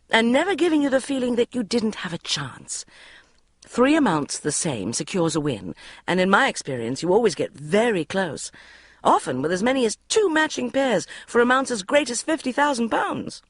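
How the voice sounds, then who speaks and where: A woman reading a first-person diary audiobook in a wry, expressive way. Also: medium pitch, breathy edge, dry recording, clean studio sound. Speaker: audiobook narrator.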